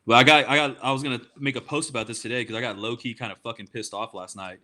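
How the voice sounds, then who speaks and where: Man, fast-talking rambler with a bright, sharp voice, swears freely. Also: mid-range voice, steady tone. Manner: rambling, swearing storyteller, gets heated. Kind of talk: casual profane chat.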